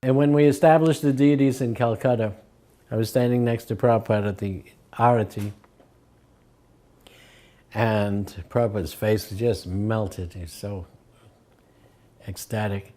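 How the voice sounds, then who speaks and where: An older man recalling his spiritual teacher in a relaxed storytelling way, acting out the voices in his stories. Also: lowish voice, a little slow, long pauses. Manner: acts out quoted voices, chuckles between stories. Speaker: devotee recalling memories. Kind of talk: anecdotal storytelling.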